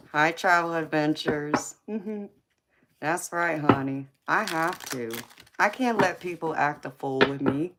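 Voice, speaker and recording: This Southern tarot reader from the United States has a deep voice and a thick regional accent. Hosting her laid-back livestream, she teases viewers with plenty of sass, laughs a lot, and calls them honey and baby, all over heavy background noise.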